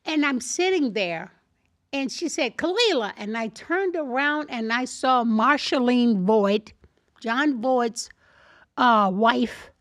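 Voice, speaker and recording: An older woman, a podcast guest, telling a lively anecdote in casual chat, laughing and acting out the people in her story. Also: on the high side, takes it slowly, no echo, clean studio sound.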